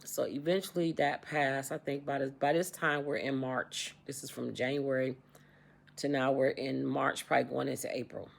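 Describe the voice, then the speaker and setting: A woman's voice: extremely low pitch, normal speed, vocal fry. A woman in her sixties telling a personal story in a casual vlog, repeating herself and acting out quoted dialogue. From United States. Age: 60s. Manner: repetitive, animated retelling with quoted dialogue. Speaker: vlogger.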